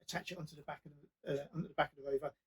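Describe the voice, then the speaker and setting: Fast-talking man, husky voice. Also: on the high side, low-quality recording. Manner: lively, animated anecdote-telling. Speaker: podcast guest. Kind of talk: casual storytelling.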